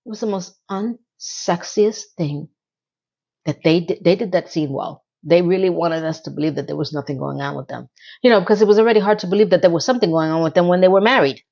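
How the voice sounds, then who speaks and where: A woman casually recapping a TV episode in a blunt, animated, swearing style. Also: fairly low pitch, fairly quick, gravelly, muffled recording. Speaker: TV recap vlogger.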